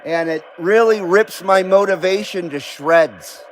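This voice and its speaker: A man's voice: sits high, a little slow, rough recording. A man from the West Coast of the United States hosting a casual live stream, rambling and self-deprecating, often laughing and reading viewer comments aloud.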